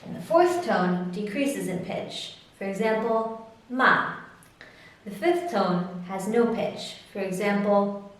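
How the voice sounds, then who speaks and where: A woman teaching a lesson, slowly and carefully demonstrating sounds. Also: mid-range voice, lively intonation, a little mellow, heavy reverb, distant mic. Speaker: language teacher. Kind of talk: slow instructional explanation.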